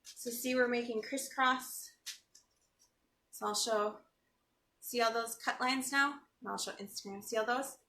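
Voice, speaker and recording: Her voice is a little high, steady, pushed and bright, and she speaks unhurriedly with long pauses. She's a cooking show host doing a relaxed live stream in her own kitchen, teary-eyed from onions as she jokes, chats and reads comments from viewers. The sound is echoey and distant, off-mic, with a little hiss or hum.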